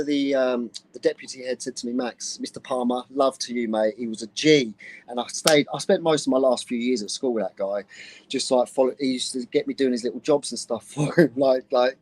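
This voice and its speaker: A man in his twenties from Luton with an English accent, telling stories in an animated, laddish way in a casual chat. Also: medium pitch, rough recording. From England. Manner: animated, laddish slang, quick stop-start telling.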